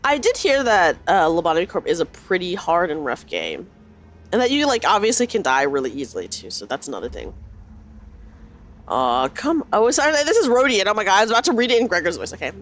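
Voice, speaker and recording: A woman streaming a story game, chatting excitedly and reading the character lines aloud. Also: mid-range voice, quick pace.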